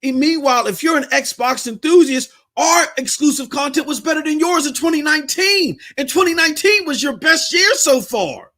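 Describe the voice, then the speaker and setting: A man with a Southern US accent and a very high, bright voice, delivering a heated podcast rant. He is blunt and slangy, and his pitch swings widely as he talks. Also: animated, moderate pace, hardly any pauses. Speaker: podcast host.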